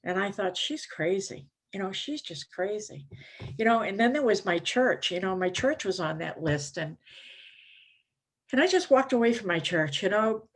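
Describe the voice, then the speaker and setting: A woman's voice: mid-range voice, animated, moderate pace, slightly rough. An older woman speaking at a conference, telling her recovery story in a candid, conversational way with frequent fillers. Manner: candid, conversational, many "you know" fillers. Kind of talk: personal testimony talk.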